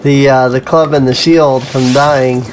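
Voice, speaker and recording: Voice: mid-range voice, steady tone, measured pace, background noise. A let's play host giving casual, chatty gameplay commentary, self-amused, breaking into sudden yelps at mishaps.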